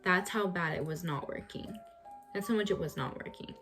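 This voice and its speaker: A woman's voice: fairly low pitch, normal speed, music in the background. Chatty young woman telling a story. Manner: chatty, emphatic, repeats words for effect. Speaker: vlogger. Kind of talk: personal storytelling vlog.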